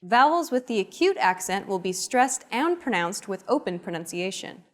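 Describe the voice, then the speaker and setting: A woman narrating a scripted grammar lesson, explaining the rules in a clear, measured way. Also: medium pitch, very animated, soft background music. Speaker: language teacher.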